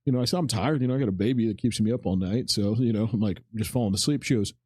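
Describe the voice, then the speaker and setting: A man in his forties talks at a quick clip, tumbling from one point to the next as he tells a personal story on a podcast. His voice sits dark and mellow, and the sound is dry and close with no room around it. He acts out other people's lines as he goes and lets a casual swear slip now and then. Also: on the low side, breathy edge, no echo. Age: 40s. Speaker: podcast co-host. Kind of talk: casual chat.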